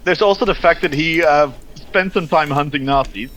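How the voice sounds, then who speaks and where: A man chatting eagerly with friends while gaming, telling stories with excitement. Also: on the high side, normal speed, a little hiss or hum. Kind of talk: casual gaming chat.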